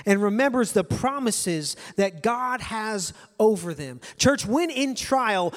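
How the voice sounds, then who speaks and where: A man's voice: sits high, long reverb tail. A male pastor preaching a sermon to his congregation, earnest and repeating key phrases for emphasis.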